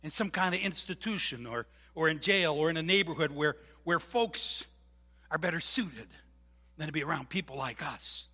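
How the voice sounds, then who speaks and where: A man preaching a sermon as pastor, animated and joking, acting out voices. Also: a little high, moderate pace, slightly rough, in a large hall. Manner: animated, jokey, acts out voices. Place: church.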